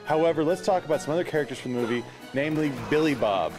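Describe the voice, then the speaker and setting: A man's voice: a little high, lively intonation, racing, over music. A young man who plays football, chatting casually in an opinionated, joking way about a movie. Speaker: football player co-host. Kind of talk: casual chat.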